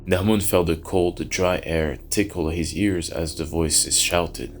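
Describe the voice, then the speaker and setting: A man narrating a dark fantasy story in a slow, somber, measured way. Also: deep voice, fairly even intonation, soft background music.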